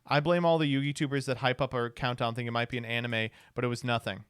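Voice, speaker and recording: A man's voice: medium pitch, little pitch movement, fast talker, a bit bright, clean tone, no echo. A man streaming, reacting to videos and reading viewer comments aloud with dry asides.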